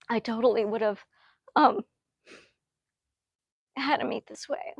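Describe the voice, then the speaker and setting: A woman hosting a live-stream question and answer session, speaking earnestly and often pausing with fillers as she reads comments. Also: a little high, vocal fry, no room sound. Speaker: host answering viewer questions.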